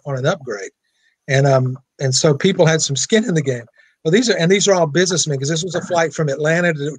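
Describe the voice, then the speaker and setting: Male guest, raised voice, animated storyteller, dry close mic. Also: fairly high pitch, husky, dry recording. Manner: animated anecdote-telling with quoted dialogue. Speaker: guest attorney. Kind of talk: storytelling in an interview.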